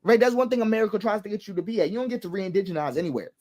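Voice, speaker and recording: A man's voice: sits high, animated, very fast, a little mellow. Emphatic man preaching political commentary. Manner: emphatic and repetitive, hammering points with lists. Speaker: commentary host.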